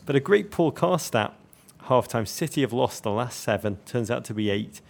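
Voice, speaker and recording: Co-hosting a football podcast, a North West English man speaks at normal speed in a creaky, medium-pitched, animated voice. He jokes floridly, piling on vivid comparisons.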